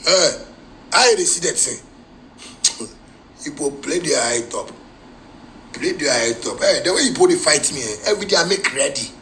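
A musician with a Ghanaian Pidgin English accent rants in a live video, confrontational and heated. His voice sits a little high and pushes hard with a tense, bright edge. Now and then he breaks into outright shouting. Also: animated, normal speed, long pauses, a little hiss or hum, low-quality recording.

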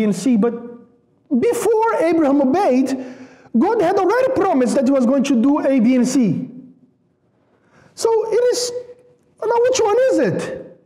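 A man from Brazil, preaching a sermon emphatically and repeating words for stress. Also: extremely high pitch. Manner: lively with rising questions. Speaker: pastor. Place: church.

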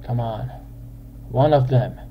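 A young man giving casual gameplay commentary as a channel host, excitable and quick to yell in frustration at other players. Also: medium pitch, highs cut off, slight background noise.

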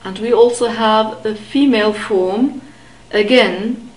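A woman with a fairly high voice teaches pronunciation at a very slow, deliberate pace. She says each word again and again with patient care, and her voice rings in a roomy echo. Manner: patient, repeats words slowly and clearly. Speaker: German language teacher. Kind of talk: slow, careful pronunciation lesson.

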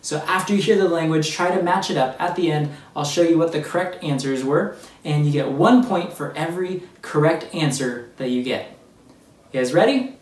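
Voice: mid-range voice, normal speed, darkish tone. A children's ministry teacher giving an upbeat Bible lesson for kids and speaking straight to the children. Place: church room. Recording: roomy echo, distant from the mic.

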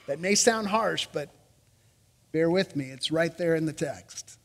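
Animated high-voiced pastor in a reverberant church. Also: male voice, slow. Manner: animated scripture reading with casual asides. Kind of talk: sermon.

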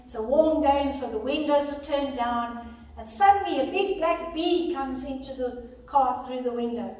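A woman leading a ladies' Bible study, reading scripture and telling stories in an earnest, expressive way. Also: sits high, normal speed. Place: large church hall. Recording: very echoey hall, far mic.

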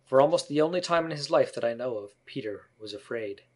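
A man narrating a storybook in a measured, even way, with a voice pitched in the middle of the male range. It is read as a steady audiobook.

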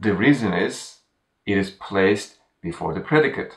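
A man teaching a grammar lesson in scripted narration, speaking deliberately and repeating each example sentence. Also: fairly low pitch, expressive, reverberant, distant mic. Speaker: language teacher.

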